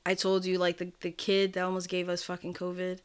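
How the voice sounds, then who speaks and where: A woman's voice: fairly low pitch, completely flat delivery, a little fast, clear, resonant tone. A woman co-hosting a podcast over a video call, chatting casually in a rambling, profane way and laughing often. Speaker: podcast co-host. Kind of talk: casual chat. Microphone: remote video call mic.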